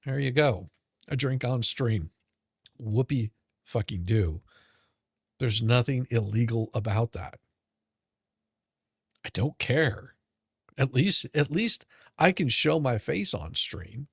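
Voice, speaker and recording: A man with a gravelly, fry-laden voice rants on his stream in a slow, drawn-out way. He is profane and sarcastic and mocks those he talks about. The sound is dry and close. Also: medium pitch, lively intonation, no echo. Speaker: streamer commentator. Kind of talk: ranting commentary. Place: home streaming setup.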